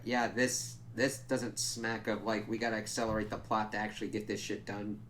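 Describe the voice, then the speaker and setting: A man giving a casual, profane review of a TV episode, ranting in exasperation and breaking into loud outbursts. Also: fairly low pitch, little pitch movement, normal speed, hardly any pauses, a little hiss or hum.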